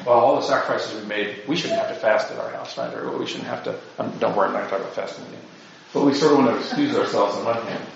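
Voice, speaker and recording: A man's voice: lowish voice, fast, vocal fry, a little hiss or hum. A man giving an informal spiritual talk to his parish, rambling and self-deprecating, full of asides. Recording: distant mic, very echoey, dull lo-fi sound.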